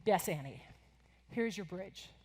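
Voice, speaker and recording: A woman voicing a calm, patient male trekking guide in a lower, matter-of-fact voice, in an echoing hall. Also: slow pace, husky, full character voice.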